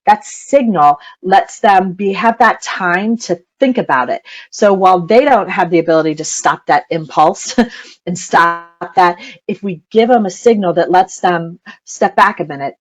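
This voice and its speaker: A woman's voice: on the low side, a little slow. A middle-aged woman coaching parents in a chatty webinar talk, laughing often and saying "you know" a lot. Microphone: computer mic on video call.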